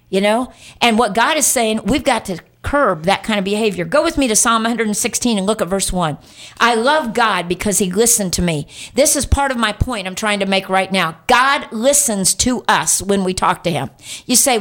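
A woman's voice: medium pitch, animated, normal speed. A woman preaching a sermon in an earnest, conversational way, stretching out words for emphasis as she reads scripture.

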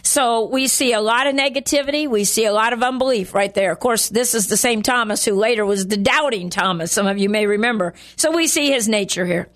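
A woman's voice: fairly high pitch, brisk, hardly any pauses, fairly bright tone. A woman teaching a Bible lesson on her show in an earnest, conversational way, acting out the lines she quotes. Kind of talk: sermon.

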